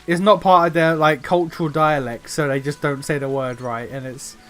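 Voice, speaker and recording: A British man rambles through casual commentary while he plays, in a fairly high voice. He laughs often and swears freely, and faint game music sits behind him. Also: fairly even intonation, moderate pace, fairly bright tone. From Britain. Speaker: streamer.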